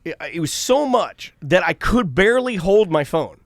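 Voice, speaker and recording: Animated man telling a wild story. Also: high voice, normal speed, no room sound, studio quality. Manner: animated storytelling, shouts when reliving anger. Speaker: co-host. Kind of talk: casual chat. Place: studio.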